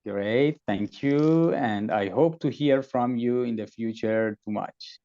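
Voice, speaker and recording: A man serving as an external examiner, giving deliberate, emphatic spoken feedback to students and repeating key phrases. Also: mid-range voice, dark tone. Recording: dull lo-fi audio.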